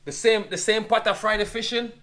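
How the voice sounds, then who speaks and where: A man's voice: high voice, brisk. A man with a Jamaican accent, chatting casually as he cooks and explains each step, with faint frying sounds behind him. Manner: relaxed, chatty, patois phrases. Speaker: cook. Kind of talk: casual cooking demonstration.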